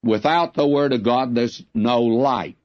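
Slow, emphatic male Bible teacher. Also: medium pitch. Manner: earnest, emphatic, slow and deliberate. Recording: dull lo-fi recording.

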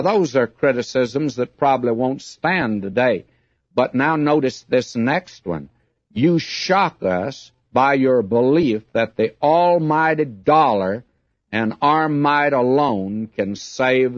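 A man preaching a sermon in a slow, deliberate, emphatic way, reading scripture aloud. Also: medium pitch, no echo. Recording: dull lo-fi old recording.

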